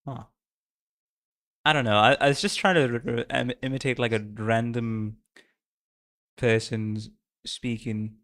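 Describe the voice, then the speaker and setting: A man's voice: medium pitch, fairly even intonation, normal speed, a bit bright. A man streaming a story game, chatting casually in a playful, self-mocking way and laughing often. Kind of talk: casual live-stream chat while reading a game story.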